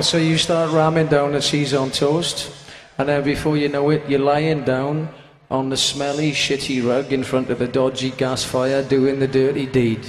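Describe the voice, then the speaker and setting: A Welsh man spins a crude, profane anecdote to a live crowd through a stage microphone. His voice sits at a middling pitch. Loud music and concert sound fill the recording. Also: little pitch movement, measured pace, hardly any pauses. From Wales. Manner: crude, swearing, bawdy anecdote with put-on quoted voices. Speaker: band frontman. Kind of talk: comic storytelling to a concert crowd.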